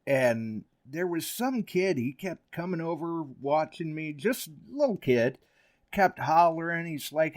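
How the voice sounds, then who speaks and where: Lively chatty male host. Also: on the high side, normal speed. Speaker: podcast host. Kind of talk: casual chat.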